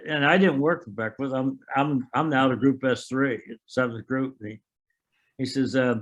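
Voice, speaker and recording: A man's voice: mid-range voice, normal speed. An older man, a Special Forces veteran, recounting anecdotes in an oral history, quoting others with frequent chuckles.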